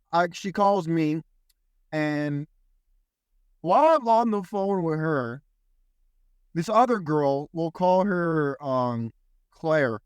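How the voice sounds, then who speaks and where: Young man, podcast host, casual story, slightly high voice, dry close sound. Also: clean tone, no room sound. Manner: animated, swears freely, mimics others in quotes.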